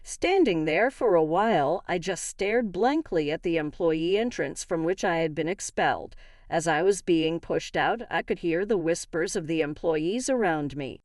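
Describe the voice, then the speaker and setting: A woman giving a scripted first-person story narration in a measured storytelling manner. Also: lowish voice, animated, darkish tone, no echo, clean studio sound.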